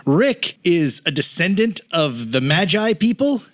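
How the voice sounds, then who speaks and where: A man with a fairly high voice that swings up and down, co-hosting a casual film podcast. He talks through the movie wryly, sounding amused, and now and then quotes a character in a mock yell. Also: sing-song, a little slow. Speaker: podcast co-host.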